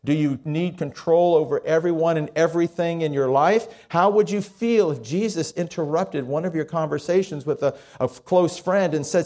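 Conversational male pastor preaching. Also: fairly high pitch. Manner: conversational, lively storytelling with pauses. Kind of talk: sermon.

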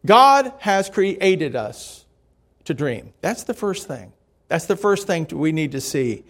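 A preacher with a notably high voice delivers a sermon in a measured storytelling manner. He reads out quotations and anecdotes, then slows down to press his points home. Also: sing-song, a bit bright. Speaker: pastor.

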